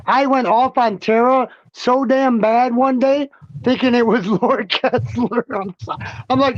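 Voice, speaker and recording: A man's voice: very high-pitched, steady tone, unhurried, no room sound, dull audio. A man hosting a livestream in casual chat, swearing freely and getting worked up. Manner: loose, profane, worked up. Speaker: livestream host.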